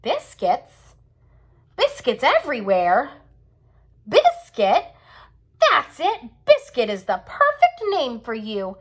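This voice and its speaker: A woman's voice: fairly high pitch, wildly swooping pitch, slow pace, pauses often, slightly rough, full character voice. A woman voicing a kind little girl talking to her puppy in a storybook read-aloud. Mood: gentle. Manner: sweet, coaxing, a bit brighter.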